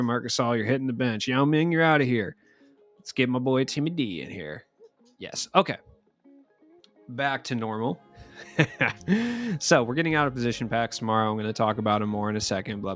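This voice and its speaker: A young man giving casual, rambling commentary over a video game, joking and trailing off into asides. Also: medium pitch. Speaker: gaming YouTuber.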